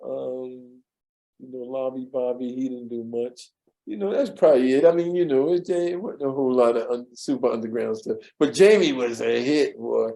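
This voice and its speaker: Gravelly and medium-pitched at a normal speed, this interview guest swaps casual tales from a former job. He chuckles frequently, voices the characters he quotes with animation, and repeats words while pulling up memories.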